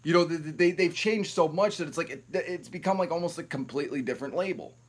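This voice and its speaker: A man's voice: fairly high pitch, fast talker, slightly rough. A man hosting a live stream, ranting in a rambling, profane, heated way.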